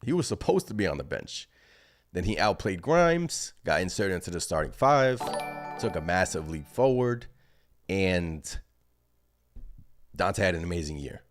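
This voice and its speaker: A man hosting a basketball fan channel, reacting live in an excited, rambling way as he thinks aloud. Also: sits low, measured pace, pauses often, faint music behind.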